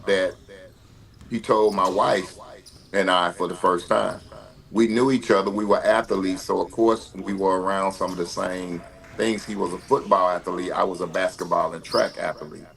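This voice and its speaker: Man in his fifties, lowish voice, animated storyteller who stumbles over his words. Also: gravelly. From Mississippi, US. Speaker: guest. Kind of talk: conversational storytelling.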